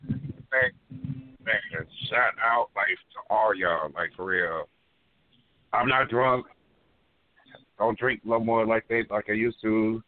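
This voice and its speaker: A man co-hosting a radio show, talking slow, laid-back and profane. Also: on the low side, dry recording. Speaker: radio co-host. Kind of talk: loose radio banter. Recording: dry tinny phone-line sound.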